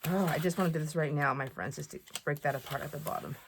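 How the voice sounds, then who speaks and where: A woman chatting to camera while showing off a craft haul, excitable and full of fillers and asides. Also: sits low, fast talker, a little hiss or hum. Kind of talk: casual chat to camera.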